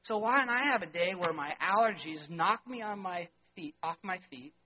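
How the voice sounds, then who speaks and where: A middle-aged male pastor delivering a sermon, emphatic, with rhetorical questions and swings between loud and soft. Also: high voice, animated, moderate pace, breathy edge. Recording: dull lo-fi sermon recording.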